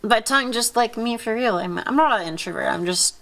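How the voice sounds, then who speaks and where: A woman's voice: fairly high pitch, animated, brisk, fairly bright tone. A woman streamer with a cold, sounding stuffy and congested, chatting in a rambling, playful way and swearing freely. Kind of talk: casual chat.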